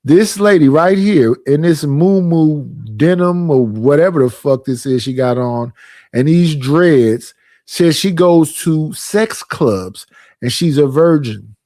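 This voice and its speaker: A man's voice: on the high side, slow pace, mellow, no echo, studio quality. A man streaming reaction commentary in a blunt, profane, ranting manner, with speech.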